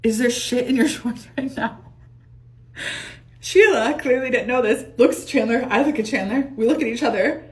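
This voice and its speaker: A young woman telling a storytime monologue in a fast, animated, casual way, swearing and laughing often. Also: fairly high pitch.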